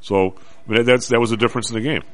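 Fast-talking male radio host. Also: mid-range voice, steady tone, a bit bright. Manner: rambling, restarts often. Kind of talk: casual sports and market chat.

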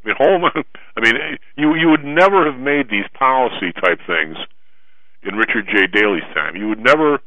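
A man's voice: mid-range voice, expressive, moderate pace, dry recording, phone-quality sound. A man hosting a radio talk show, rambling in a casual way with frequent restarts. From Chicago. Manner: rambling, self-interrupting.

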